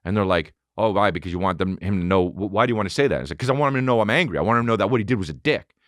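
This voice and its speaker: A man in his thirties hosting a podcast, telling a profane, animated story and acting out both sides of a conversation. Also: lowish voice, rapid-fire, no room sound, studio quality. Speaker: podcast host. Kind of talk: casual comedic storytelling.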